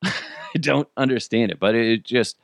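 A man's voice: mid-range voice, measured pace, creaky, dry recording, clean studio sound. A man hosting a podcast, telling stories in a casual, profane way and laughing often. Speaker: podcast host. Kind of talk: casual storytelling.

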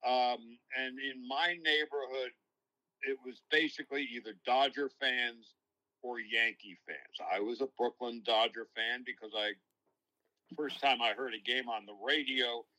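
Older New broadcaster, bright and forward, spins long reflective stories as an interview guest. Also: male voice, medium pitch, fairly even intonation, unhurried, low-quality recording. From New York. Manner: long-winded, reflective storytelling. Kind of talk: casual interview, storytelling.

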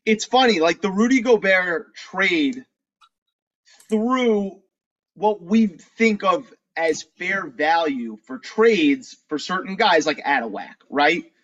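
Male co-host, fairly high voice, animated debater, casual sports talk, muffled lo-fi audio. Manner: animated, pushes back with rapid questions. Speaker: podcast co-host.

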